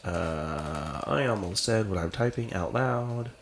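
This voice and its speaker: A woman's voice: rumbling low, slow pace. An American woman co-hosting a podcast in casual chat at a home setup, rambling and laughing often as she talks. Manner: rambling, giggly, animated. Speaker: podcast co-host.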